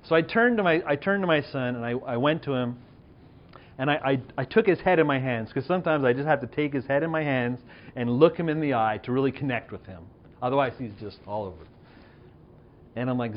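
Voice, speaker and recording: A man's voice: mid-range voice, animated, fairly quick, dull audio. A man in his thirties who pastors a church, telling a personal story in a conversational, self-deprecating sermon and asking the audience questions.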